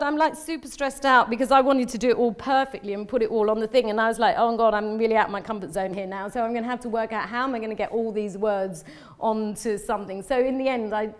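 Woman artist giving a talk to a room, chatty and rambly, keeps restarting, laughs a lot. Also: a little high. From London, England. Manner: rambling, chatty, self-interrupting with frequent restarts; emotionally open, laughs often. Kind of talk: live lecture presenting slides.

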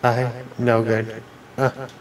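A man reads on-screen game dialogue aloud at a slow, unhurried pace. His delivery is halting, with repeated words and restarts as he works through each line. His pitch sits in an ordinary middle range. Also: level tone, a little hiss or hum, low-quality recording. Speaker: let's player.

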